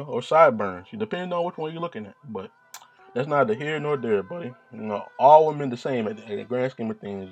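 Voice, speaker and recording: Rambling, profane man hosting a podcast. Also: medium pitch. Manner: casual, profane, rambling with many fillers. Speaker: podcast host.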